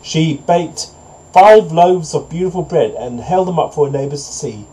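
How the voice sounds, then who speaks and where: A man narrating a storybook fable in a measured, moralising way. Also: fairly high pitch, lively intonation, dark tone, low-quality recording. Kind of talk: storybook narration, then preachy commentary.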